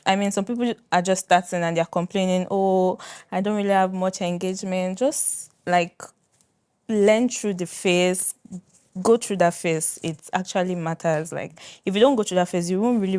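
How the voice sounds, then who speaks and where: A woman's voice: on the low side, a little mellow, no echo. A young adult woman, a food blogger guest giving modest, earnest advice in an interview.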